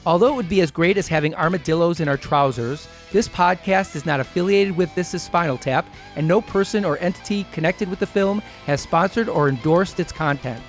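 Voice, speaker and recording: A man reading a scripted legal disclaimer in a deadpan way. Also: fairly high pitch, a little fast, hardly any pauses, faint music behind. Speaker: disclaimer reader.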